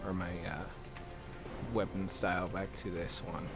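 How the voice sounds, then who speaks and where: A man's voice: low-pitched, little pitch movement, a little slow, music in the background. A young man chatting casually with viewers while playing a game on stream, laughing often. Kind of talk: casual gameplay commentary.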